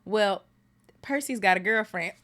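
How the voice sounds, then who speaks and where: A woman's voice: medium pitch, measured pace, heavy background noise, pitched above the performer's own voice, lightly acted. Woman reading as a giggly young girl. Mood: teasing. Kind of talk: storybook read-aloud voicing.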